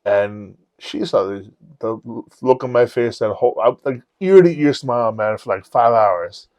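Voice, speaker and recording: A man on a podcast telling personal stories in a candid, profane, animated way. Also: medium pitch, measured pace, dry recording. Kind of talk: casual storytelling chat.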